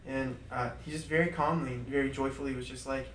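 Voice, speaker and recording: A man leading a small group Bible study in an informal, animated way, repeating points for emphasis and laughing through his stories. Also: medium pitch, a little fast. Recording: roomy, distant mic with faint background noise.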